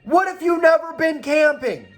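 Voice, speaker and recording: A man's voice: extremely high pitch, moderate pace, slight background noise. A man reviewing horror movies in a casual, argumentative monologue, full of rhetorical questions and the odd curse. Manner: animated, rhetorical questions, profane.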